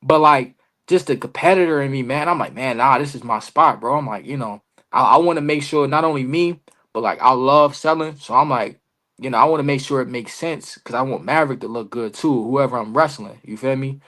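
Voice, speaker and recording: Animated young man telling a story. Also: mid-range voice, fairly quick. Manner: animated storyteller, heavy slang, acts out quoted dialogue. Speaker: podcast guest, professional wrestler. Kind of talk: casual storytelling interview.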